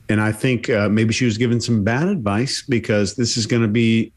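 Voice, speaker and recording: A man's voice: fairly low pitch, moderate pace, few pauses. A man analyzing body language on a commentary panel, hedging his points with opinion.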